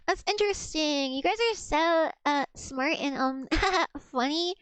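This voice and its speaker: High-pitched chatty young woman streamer. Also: slow, a bit bright, no echo. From United States. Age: young adult. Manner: chatty, rambling with frequent restarts and giggles. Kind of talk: casual livestream chat.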